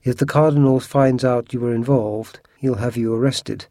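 A man reading a storybook, voicing a calm and wise older swordsman. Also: mid-range voice, dry recording, clean studio sound, close to an everyday voice. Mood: warning. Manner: calm, measured.

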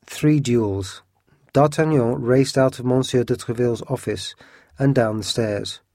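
A man reading an adventure story aloud as an audiobook in a steady, measured voice. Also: medium pitch, dry recording, clean studio sound. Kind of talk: audiobook narration.

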